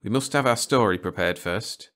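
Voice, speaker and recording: A man voicing a stern adult male alien hunter who speaks in a measured, correcting way. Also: fairly low pitch, a bit bright, close to an everyday voice.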